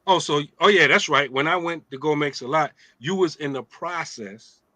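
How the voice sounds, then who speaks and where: A man's voice: a little high, normal speed, pushed and bright, no echo, rough recording. A middle-aged man hosting a casual religious talk, streetwise and joking, often asking "right?". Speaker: host of an Islamic talk show.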